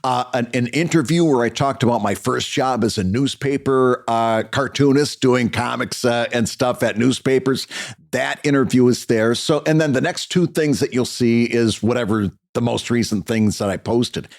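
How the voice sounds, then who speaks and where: A man's voice: normal speed, gravelly. A man co-hosting a podcast, a cartoonist casually explaining how he set up his page. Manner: conversational, explaining with lively pitch.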